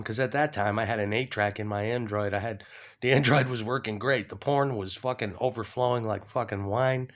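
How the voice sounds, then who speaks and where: Rambling, profane man. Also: mid-range voice. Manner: profane, rambling, swings from mumbling to shouting. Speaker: vlogger. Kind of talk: rambling monologue.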